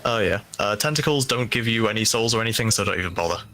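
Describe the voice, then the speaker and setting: A man's voice: lowish voice, animated, quick pace, crowd noise. A man co-hosting a gaming stream, laid-back, giving brief replies and laughing often. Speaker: stream co-host. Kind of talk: casual gaming stream banter. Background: faint game music.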